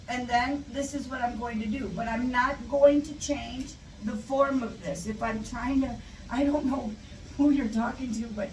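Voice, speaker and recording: Speaking at a normal pace, this high-voiced woman sounds slightly mellow as she runs a talkative live English class for Spanish speakers, going off on tangents and saying sample questions again. Static, echo and a distant microphone mark the recording.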